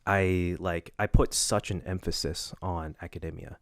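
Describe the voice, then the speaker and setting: Deep-voiced young man, halting and earnest. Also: fairly even intonation, dry recording, clean studio sound. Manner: halting, emotional storytelling with many restarts. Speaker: podcast co-host. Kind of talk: casual chat.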